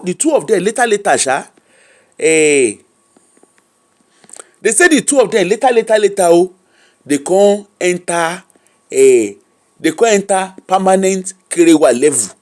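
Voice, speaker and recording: Animated high-voiced Nigerian man. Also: unhurried, pauses often. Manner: animated, laughs often, thanks viewers by name. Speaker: host. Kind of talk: gossip commentary livestream.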